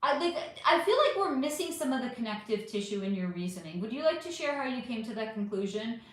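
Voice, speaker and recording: Middle-aged woman, livestream host, lively pitch swings, blunt and sarcastic, roomy echo. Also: fast talker. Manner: animated, blunt, sarcastic with commenters. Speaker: livestream host reading chat. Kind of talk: casual livestream chat. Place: home room.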